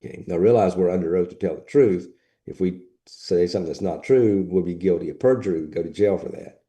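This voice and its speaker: A male instructor with a low, dark voice lectures graduate students at a slightly fast pace in this recorded class. He's plain and matter-of-fact, repeating his points.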